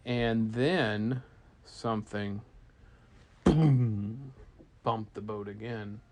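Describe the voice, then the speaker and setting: A man, a parent, telling an improvised bedtime story to a child in a gentle, playful way. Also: medium pitch, lively intonation, a little slow, a little hiss or hum.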